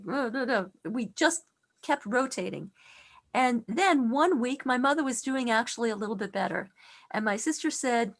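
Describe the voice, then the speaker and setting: A middle-aged woman teaching a class, telling a personal story in an earnest, expressive way with frequent restarts. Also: a little high.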